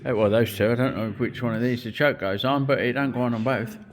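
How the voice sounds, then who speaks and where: A man's voice: mid-range voice, fairly even intonation, fast. A middle-aged man, giving a muttered, swearing running commentary as he works in a cold workshop. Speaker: custom motorcycle builder.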